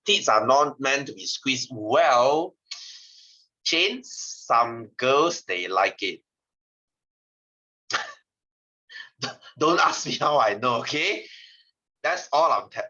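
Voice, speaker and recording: A man's voice: mid-range voice, sharp tone, highs cut off. A man with a Malaysian English accent teaching a science class, teasing his students and laughing often. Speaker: science tutor. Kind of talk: joking classroom lecture.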